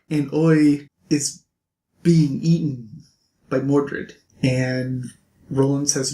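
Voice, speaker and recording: A man vlogger retelling a novel's plot in a casual, animated way, with playful asides to his viewers. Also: medium pitch, slow. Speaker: book vlogger. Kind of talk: casual book recap. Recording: roomy echo.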